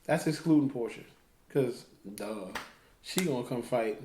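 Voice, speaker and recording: A man co-hosting a casual talk show, telling animated stories and acting out what others said. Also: mid-range voice, measured pace, roomy sound, slight background noise. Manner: animated storytelling, acting out quotes. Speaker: co-host. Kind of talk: casual chat.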